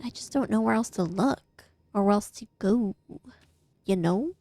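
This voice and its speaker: A woman's voice: mid-range voice, measured pace, mellow. A young woman from the American Midwest, chatting casually and rambling while she streams a game from home, swearing freely and laughing often. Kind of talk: casual live-stream chat while gaming. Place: home, indoors.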